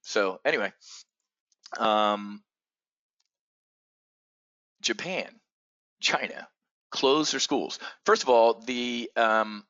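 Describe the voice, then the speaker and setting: A man hosting a live trading stream, talking bluntly and profanely with frequent stammered restarts and excitable outbursts. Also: medium pitch, drawn-out words, pauses often, no echo, highs cut off. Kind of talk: unscripted live stream talk.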